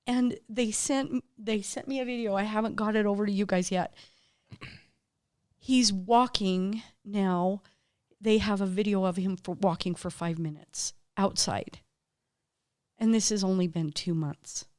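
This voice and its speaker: A woman's voice: mid-range voice, steady tone, unhurried, darkish tone, no room sound, studio quality. A woman acupuncturist, a guest in an interview, telling stories in a heartfelt, emotional way. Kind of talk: casual interview conversation.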